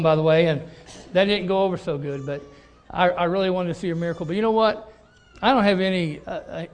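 Middle-aged man, pastor, high voice, animated sermon delivery with lots of repetition. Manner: animated, repeats phrases for emphasis.

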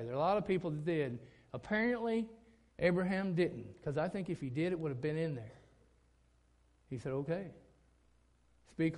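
A middle-aged man, a pastor preaching a sermon, telling a story that climbs to loud, emphatic peaks. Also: on the high side.

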